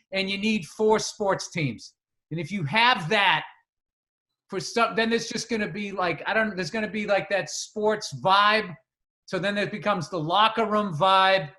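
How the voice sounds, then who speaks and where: A man from the greater area, chatting on a podcast in a profane, animated storytelling way. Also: high-pitched. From greater Boston area. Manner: profane, animated storyteller who acts out sounds. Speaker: podcast co-host. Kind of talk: casual chat.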